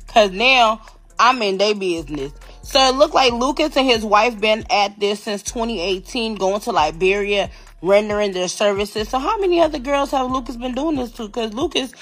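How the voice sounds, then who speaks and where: A woman co-hosting a podcast in casual commentary, sassy and teasing. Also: a little high.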